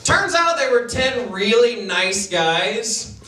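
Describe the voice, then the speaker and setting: A man's voice: very high-pitched, big pitch swings, takes it slowly, bright, forceful tone. A man doing a stand-up comedy set, telling a self-deprecating story with acted-out inner thoughts. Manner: storytelling, self-deprecating, acts out his own panicked inner voice. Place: comedy venue with live audience. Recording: roomy, distant camera audio with noise. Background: audience laughter.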